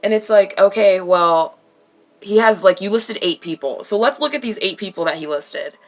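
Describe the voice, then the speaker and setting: A woman's voice: mid-range voice, moderate pace. A woman vlogger in casual chat, blunt and emphatic, swearing freely.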